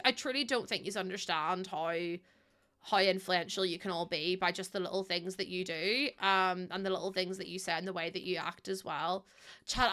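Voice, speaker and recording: A woman streamer chatting casually with her live chat, excitable and talkative, laughing often. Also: medium pitch.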